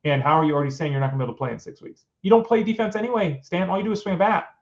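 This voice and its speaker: A man's voice: a little high, rapid-fire. A middle-aged man hosting a fantasy sports show, giving casual opinionated commentary in an exasperated tone full of rhetorical questions. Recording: dull lo-fi sound.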